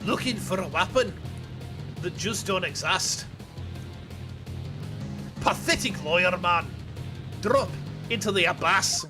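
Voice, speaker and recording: A man's voice: on the high side, sing-song, a little fast. Man doing a swaggering Scottish rapper villain. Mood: taunting. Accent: put-on Scottish. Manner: sing-song taunting rap delivery. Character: cocky rapping villain man, mocking. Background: game music.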